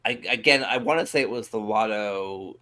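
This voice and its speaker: A man's voice: on the low side, moderate pace, bright, forceful tone. A man co-hosting a podcast who talks hesitantly, restarting his sentences. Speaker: podcast co-host. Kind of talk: casual chat.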